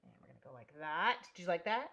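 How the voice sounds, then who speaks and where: A chatty crafting demonstrator hosts a live tutorial from her home craft room, thinking aloud and greeting viewers by name as she works. Her fairly low voice swings widely in pitch, runs fast and a bit bright, and the sound is lo-fi.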